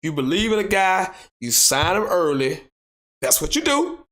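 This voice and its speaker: A high-pitched man with a Southern American accent hosts a solo sports podcast at a moderate pace. Animated, he repeats his points heavily for emphasis, rising to near shouts, and reads viewer comments aloud before arguing back.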